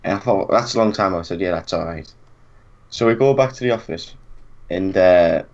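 Young man, low voice, lively storyteller who acts out the quotes; dull lo-fi recording. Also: moderate pace. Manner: animated anecdote, acts out quotes, laughs often. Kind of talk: casual chat.

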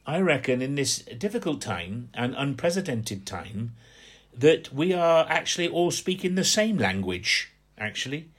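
Gentle rambling English minister. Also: male voice, mid-range voice, sing-song, unhurried. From Hampshire, England. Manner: gentle, rambling, many fillers. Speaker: minister giving a reflection. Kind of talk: radio devotional reflection.

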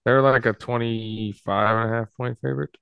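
A man's voice: medium pitch, fairly even intonation, normal speed, creaky, clear, resonant tone, no echo, muffled recording. A man hosting a casual sports podcast, running through the picks in a laid-back, wry way. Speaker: podcast host.

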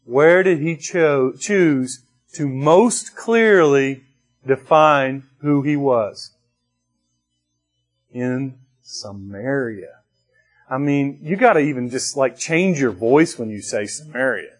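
Slow-preaching man, slightly high voice. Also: faint music behind. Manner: slow, conversational preaching with restarts and rising emphasis. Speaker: pastor. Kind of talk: sermon.

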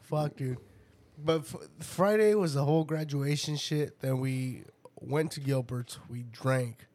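Slow-talking man telling stories. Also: medium pitch, a little mellow. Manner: profane storytelling, laughs often. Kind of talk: casual chat.

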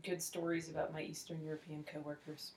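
A woman with a lowish voice chats casually as a podcast co-host. She trails off mid-thought and keeps circling back to the point she wanted to make. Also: level tone, a little fast, vocal fry, a little mellow. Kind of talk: casual chat.

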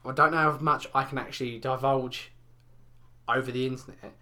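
A man's voice: mid-range voice, little pitch movement, a little fast, pushed and bright. A young man, telling rambling, crude stories in casual podcast chat. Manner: crude, rambling storyteller with lots of fillers. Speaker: podcast co-host.

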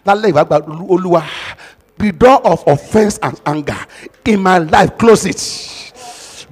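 A man with a Nigerian accent, a pastor who preaches with stories and then leads loud, fast prayer. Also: high voice, husky, long reverb tail. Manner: tells a story, then prays loudly and fast in bursts. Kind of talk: sermon with storytelling and loud prayer.

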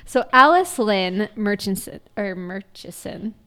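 A woman's voice: medium pitch, animated, measured pace, pushed and bright. A woman co-hosting a true-crime podcast, chatting casually and laughing often as she tells the story. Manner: giggly, laughs often while telling a story. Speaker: podcast co-host.

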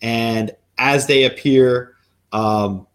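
A man's voice: medium pitch, very slow, clean tone. A man in his forties telling a personal story in conversation, acting out the dialogue as he goes. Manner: animated storyteller who acts out quoted dialogue. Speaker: guest.

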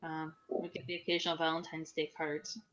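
A woman's voice: low-pitched, monotone, a little fast, fairly bright tone, muffled recording. A woman co-hosting a casual chat show, fighting a cold and telling stories in a playful, chatty way. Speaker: podcast co-host.

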